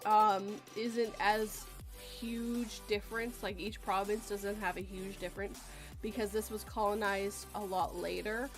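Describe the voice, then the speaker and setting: A woman's voice: medium pitch, level tone, measured pace, soft background music. A woman from Western Canada hosting a casual chat, talking in a rambling way and laughing often. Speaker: host.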